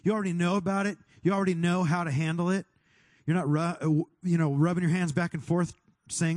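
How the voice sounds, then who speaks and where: A pastor leading a fervent prayer over his congregation, speaking directly to God and sometimes rising to a shout. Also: high-pitched, steady tone, fast, no echo, studio quality. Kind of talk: sermon prayer.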